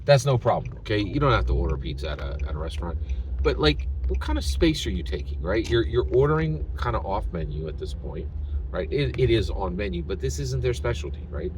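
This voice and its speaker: Male channel host, low register, very expressive pitch, ranting storyteller, light background hum. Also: fairly quick. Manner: animated, tags sentences with "right?". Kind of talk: storytelling rant to camera.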